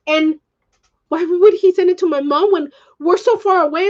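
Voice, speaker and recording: Woman venting on her vlog, pretty high voice, swears a lot, drops spanish words, kinda muffled lo-fi audio. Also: moderate pace. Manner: upset, swearing, mixes in Spanish phrases. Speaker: vlogger. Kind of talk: emotional rant to camera. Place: at home.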